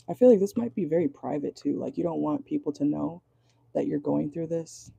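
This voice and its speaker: Woman tarot reader, hoarse and gravelly, casual and profane, dark husky tone. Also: low-pitched, unhurried, no room sound. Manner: chatty, frequent "okay?" check-ins, swears casually. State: voice going hoarse. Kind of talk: casual tarot reading monologue.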